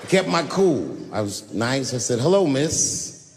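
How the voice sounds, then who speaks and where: Animated, profane male stand-up comic. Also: normal speed, vocal fry, big-room sound. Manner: animated, profane storytelling swinging from shouts to low mutters. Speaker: stand-up comedian. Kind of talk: stand-up comedy set.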